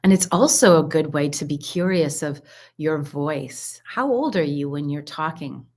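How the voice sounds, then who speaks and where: A middle-aged woman with a slightly low voice coaches listeners through a mindfulness exercise. She talks in a calm, earnest way and gives gentle, encouraging instructions. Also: moderate pace. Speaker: holistic health coach.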